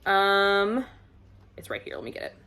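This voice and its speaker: A woman's voice: medium pitch, huge pitch swings, a little slow, vocal fry, sharp tone, clear, resonant tone. A woman reviewing books in a casual vlog, chatty and gushing, laughing often as she talks. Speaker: book reviewer.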